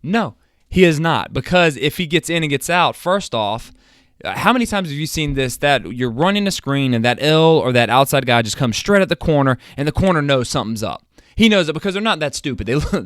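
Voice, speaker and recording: A man coaching football, explaining plays in an energetic, emphatic chalk-talk that builds toward near-yelling while he sits at a webcam. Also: fairly high pitch, brisk, no room sound, clean studio sound. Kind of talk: chalk-talk lesson on a live stream. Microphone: seated at a webcam.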